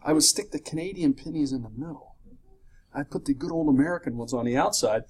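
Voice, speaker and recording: A man's voice: fairly high pitch, quick pace, darkish tone, husky. A middle-aged man lecturing a class on economics, teasing the students with jokes and rhetorical questions. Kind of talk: classroom lecture with joking asides. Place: classroom in Florida.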